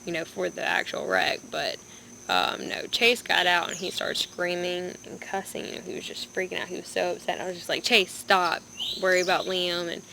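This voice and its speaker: A young woman vlogger, in pain and low on energy, telling a story in a rambling, halting way into a phone. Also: creaky, pushed and bright, poor audio. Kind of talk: casual vlog storytelling. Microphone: phone camera. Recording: background noise with birds and insects.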